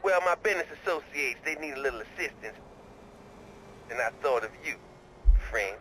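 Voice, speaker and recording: A slick, oily pimp boss. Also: male voice, mid-range voice, animated, normal speed, bright, forceful tone, slight background noise, poor audio. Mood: smooth. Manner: oily, falsely friendly. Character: smooth-talking, slick male pimp boss. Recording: game audio with clear sound effects.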